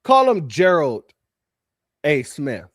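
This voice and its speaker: A man hosting a live reaction stream, joking and mocking the clips and giving shout-outs to viewers. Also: on the high side, wildly swooping pitch, slow, no echo, clean studio sound. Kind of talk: casual reaction commentary.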